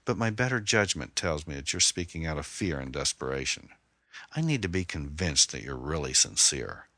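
A man's voice: rumbling low, big pitch swings, moderate pace, pushed and bright, no room sound, exaggerated voice. A man reading the part of a controlling male stalker, voiced with cold, mocking menace.

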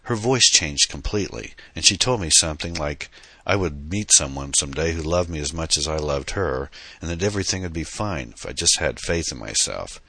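A man's voice: extremely low pitch, expressive, fairly quick, sharp tone, breathy edge, no echo, exaggerated voice. A man reading an audiobook, voicing a troubled, skeptical young musician who tells his story in an earnest, confessional way.

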